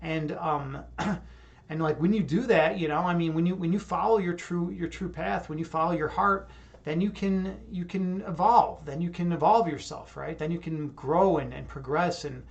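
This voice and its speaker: A young man livestreaming in a casual, hyped-up mood, reading out chat and reacting. He rambles, repeats words and laughs at himself. His voice sits a little high for a man. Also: moderate pace, vocal fry, muffled recording. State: hyped up after yoga. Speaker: livestream host.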